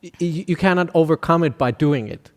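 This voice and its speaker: A man who is a Buddhist monk teacher, speaking haltingly with many restarts in a teaching workshop dialogue. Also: a little high.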